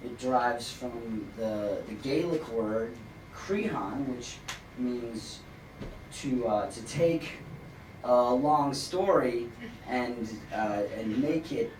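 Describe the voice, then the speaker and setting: A middle-aged man doing a stand-up comedy set in a club, with a dry, rambling deadpan delivery and many pauses. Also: mid-range voice. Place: comedy club stage with live audience. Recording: roomy club sound from a distant mic, noisy. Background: audience laughter.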